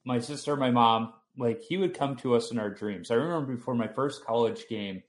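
A young adult man hosting a conversation, telling a personal anecdote in an animated, storytelling way. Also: medium pitch, brisk.

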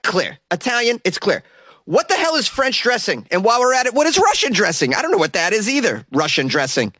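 A man's voice: fairly high pitch, fairly bright tone, no room sound. A man hosting a talk radio show, ranting in an exasperated, incredulous and jokey way, taking calls from a studio. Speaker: radio host. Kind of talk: solo talk radio rant.

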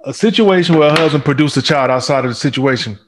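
A man of middle pitch hosting a loose panel chat. He speaks in an easygoing way with frequent fillers and affirming "yeah"s as he works through audience questions. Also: fast, crowd noise. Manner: relaxed, agreeable, lots of fillers while reading viewer questions. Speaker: host.

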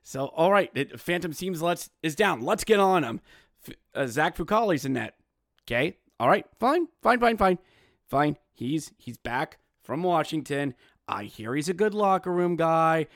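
A man hosting a solo hockey fan podcast, ranting in an animated, exasperated way and mimicking other fans. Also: fairly high pitch, a little slow, dry recording, clean studio sound. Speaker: podcast host.

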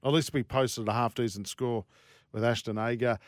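A man with an Australian accent hosting a sports radio show, joking and firing off quick questions in casual banter. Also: mid-range voice, steady tone, no room sound, studio quality.

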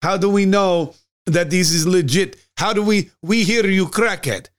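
A man's voice: high-pitched, measured pace, voice pushed up. A man putting on the voice of suspicious foreign businessmen pressing for proof. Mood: skeptical. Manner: skeptical, pressing.

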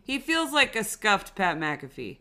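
A woman's voice: medium pitch, very animated, a little slow, sharp tone. A young adult woman co-hosting a podcast, recapping wrestling in casual chat with emphatic, exasperated ranting. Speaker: podcast co-host.

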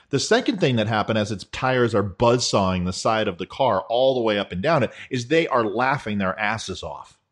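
Middle-aged guy doing sarcastic commentary, rambly, mid-pitched voice. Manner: sarcastic, rambling, addresses viewers as folks. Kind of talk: casual political commentary over photos.

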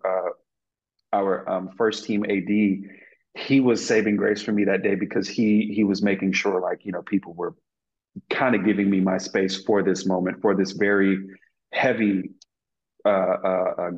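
Man, fairly low voice, earnest, fillers and restarts, muffled lo-fi sound. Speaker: actor guest. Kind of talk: casual interview storytelling. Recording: lo-fi muffled audio.

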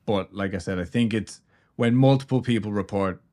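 A man's voice: on the low side, normal speed, mellow. A man hosting a podcast, telling a strange story in a rambling, jokey way and swearing casually. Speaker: podcast host.

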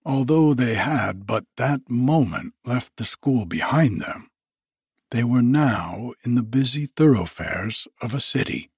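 A man narrating a classic story with slow, measured delivery. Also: medium pitch, breathy edge, dry recording, studio quality. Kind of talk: storybook reading.

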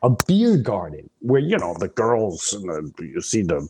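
A man hosting a podcast, telling animated, rambling off-the-cuff stories that wander off on side paths. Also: fairly low pitch, measured pace, breathy edge. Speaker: podcast host, comedian. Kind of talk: off-the-cuff storytelling.

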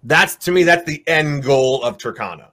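A man in his thirties or forties chatting casually as a guest voice actor, animated and laughing often. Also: on the high side, moderate pace. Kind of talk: casual chat.

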